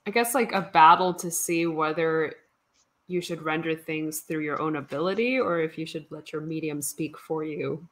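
Woman, co-host, lowish voice, relaxed, dry humor, casual painting chat. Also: normal speed. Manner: relaxed, dry humor, reads viewer comments. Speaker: art instructor and co-host.

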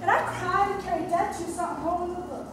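A young adult actress with a high voice gives a lively, fairly quick theatrical monologue, spinning her story in a vivid, playful way. She's picked up from far back in the house amid heavy stage reverb and a faint hiss.

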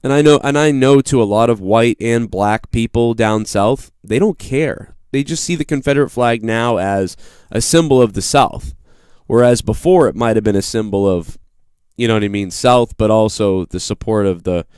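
A man's voice: fairly low pitch, normal speed, a little mellow, smooth, no room sound, studio quality. A man in his thirties with a Boston accent, hosting a live show and telling a rambling, profane story about his own mishaps. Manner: rambling, profane, self-deprecating. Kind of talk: casual live-stream storytelling.

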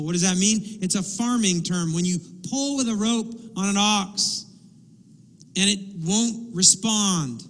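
Male pastor, high voice, animated sermon delivery, long church-hall reverb. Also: measured pace. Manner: animated, acts out quotes and asides. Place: church sanctuary.

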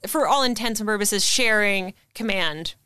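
Bright-voiced woman hosting a chat. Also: mid-range voice, moderate pace, smooth, no echo. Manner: chatty and upbeat, with frequent fillers. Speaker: podcast host teaching the lesson. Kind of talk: casual chat.

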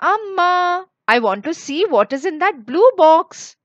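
A woman's voice: extremely high pitch, sing-song, unhurried, fairly bright tone, no room sound, muffled recording, pitched above the performer's own voice, heavily acted. A woman voicing a stubborn little boy in a children's storybook, whiny and insistent. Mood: demanding. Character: small boy, stubborn and demanding.

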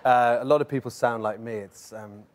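A man's voice: mid-range voice, fairly even intonation, moderate pace, a little hiss or hum. A man with a Welsh accent, a guest on a talk show, chatting casually, laughing easily and often restarting his words. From Wales. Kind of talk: casual chat.

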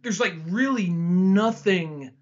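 A man co-hosting a podcast, casually recapping a movie and acting out scenes in quick mimicked voices. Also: sits high, highs cut off. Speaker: podcast co-host.

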